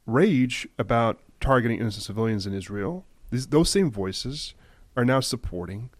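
A man giving impassioned news commentary, emphatic at times and dropping to a hushed, grave tone. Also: mid-range voice, expressive, normal speed, no room sound. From United States.

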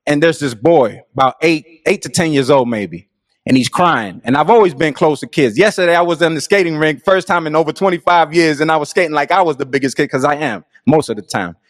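A man's voice: fairly high pitch, no echo, clean studio sound. A middle-aged man telling his own life story in an earnest, reflective and casual way. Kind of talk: personal storytelling.

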